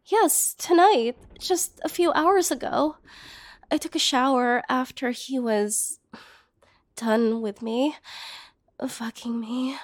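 A young woman with a high, slow-paced voice speaks directly to the listener in a role-play monologue. Her tone is hurt and bitter, flaring into anger and sinking into hushed whispers. The sound is dry and close, with no room around it. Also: no room sound. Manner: hurt and bitter, swinging between angry outbursts and soft whispers.

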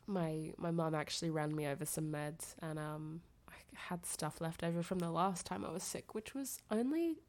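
Speaking at a moderate pace with hardly any pauses, this audio creator's low voice sounds nasal and feverish. The young woman plays a girlfriend on a phone call, soft and intimate, frequently giggling and letting her sentences trail away.

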